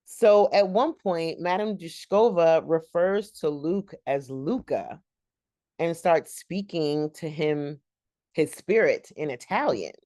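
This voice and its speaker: Low-voiced woman rambling through a TV recap. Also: expressive, slow, dark tone, no echo, clean studio sound. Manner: chatty, addresses viewers as y'all; long-winded and rambling. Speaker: TV show recap host.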